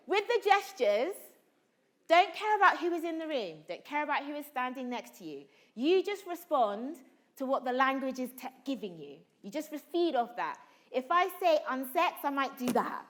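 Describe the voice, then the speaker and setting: A woman actor leading a drama workshop, coaching students and calling out questions to a room full of people. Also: high-pitched. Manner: animated, calls out to the room, asks questions. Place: large room with a live audience.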